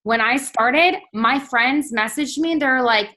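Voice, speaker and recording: A woman in her twenties with a fairly high voice speaks in an earnest, soft-spoken way during a motivational team talk. She encourages listeners steadily, keeping an even, heartfelt tone. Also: a little slow. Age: 20s.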